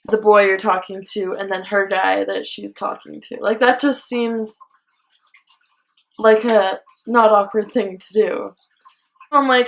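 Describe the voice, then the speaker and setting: Young woman vlogger, slightly high voice, rambling casual storytime delivery. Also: a bit bright. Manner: chatty, filler-heavy, lots of "like".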